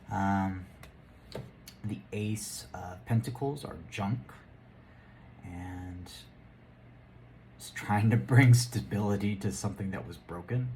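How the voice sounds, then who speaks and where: Man, tarot reader, very deep voice, rambling and chuckling, faint hiss behind. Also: takes it slowly, long pauses, a little mellow. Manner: rambling, chuckling, muttering asides. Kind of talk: casual tarot reading.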